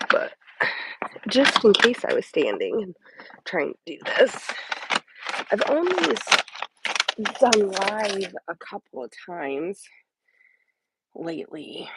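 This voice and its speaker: A woman's voice: mid-range voice, gravelly, background noise. A woman hosting a casual crafting livestream from home into a phone or tablet mic, rambling and dropping into half-whispered asides to herself. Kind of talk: casual live-stream chat.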